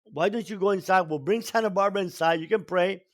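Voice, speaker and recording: A man's voice: high-pitched, quick pace. An older man from Cuba, a podcast guest telling his life story with emphatic, repeated stresses. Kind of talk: storytelling in an interview.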